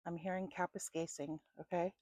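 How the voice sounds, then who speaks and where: A woman doing an intuitive psychic reading at home, calmly listing names and places she picks up, thinking aloud and a bit sleepy. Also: on the low side, a little fast, dry recording, poor audio. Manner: calm, repetitive, thinking aloud. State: sleepy, yawning. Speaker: psychic reader.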